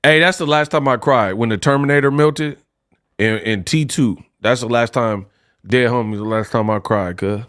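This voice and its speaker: A man's voice: mid-range voice, normal speed, fairly bright tone, no room sound, clean studio sound. A young man hosting a casual boxing livestream, joking around and laughing often. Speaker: livestream host.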